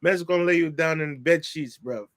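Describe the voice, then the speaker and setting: A man's voice: on the high side, normal speed, fairly bright tone, no echo, studio quality, pitched below the performer's own voice, natural voice. A man putting on an English accent to play a cocky British boxer taunting a rival in slang. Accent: put-on London English. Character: cocky British male boxer, menacing and calm.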